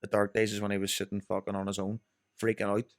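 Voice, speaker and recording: A man's voice: fairly low pitch, monotone, quick pace, dry recording, clean studio sound. A young Northern Irish man telling rambling, sweary stories as a podcast guest. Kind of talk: casual chat.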